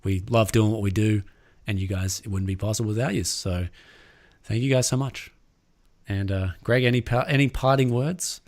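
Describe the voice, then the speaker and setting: A man's voice: lowish voice, steady tone, normal speed, a little mellow. An Australian man hosting a tech live stream, chatting casually with lots of slang. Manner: laid-back, slangy, lots of "like" and "dude". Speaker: tech channel host. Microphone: streaming mic, remote call.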